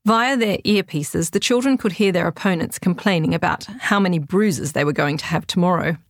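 A woman, the author, narrating her children's adventure book in a clear, steady manner. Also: lowish voice, fairly quick, no echo, clean studio sound. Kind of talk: audiobook narration.

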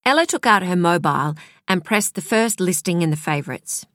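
A woman reading a crime novel aloud as audiobook narrator, in a measured, even storytelling manner. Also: fairly low pitch, dry recording, clean studio sound. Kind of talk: scripted narration.

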